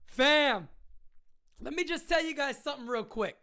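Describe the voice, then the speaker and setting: A woman hosting a live-stream sports chat, talking in a hyped, slangy way as she shouts out viewers. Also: high voice, animated, normal speed.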